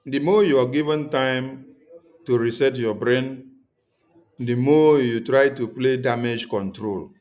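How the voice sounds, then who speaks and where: A man with a mid-range, darkish voice speaks slowly on his livestream. He sounds like he's preaching, hammering home and repeating each point to his audience.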